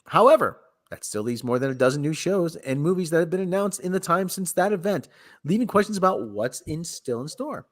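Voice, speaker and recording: A man's voice: a little high, expressive, a little fast. A man hosting a casual chat show, sarcastic and exasperated, sighing often. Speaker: podcast host. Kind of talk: casual chat about movie news.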